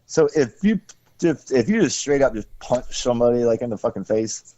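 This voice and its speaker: A man's voice: medium pitch, expressive, moderate pace, mellow. A man hosting a podcast in casual, rambling chat, swearing freely and breaking off his own sentences. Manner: profane, rambling, self-interrupting. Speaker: podcast host. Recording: dull dry lo-fi sound.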